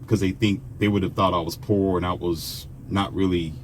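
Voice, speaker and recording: A man's voice: deep voice, fairly even intonation, brisk, a little hiss or hum. A man from the United States, a vlogger telling a personal story in a chatty, conversational way with asides to the viewer. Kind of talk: casual storytelling monologue.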